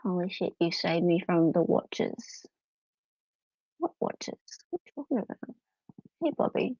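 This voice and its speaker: A woman's voice: on the low side, lively intonation, unhurried, long pauses, breathy edge, no room sound. An Australian woman hosting a livestream, chatting casually and playfully with her chat. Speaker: livestream host reading chat. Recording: dull lo-fi sound.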